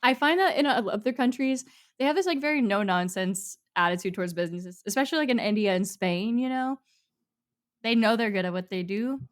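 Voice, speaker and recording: A woman's voice: a little high, fairly quick. A young woman talks in a loose, rambling way, dropping "like" and "um" all through her sentences. She is co-hosting a casual podcast chat. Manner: chatty, rambling, full of "like" and "um". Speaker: podcast co-host.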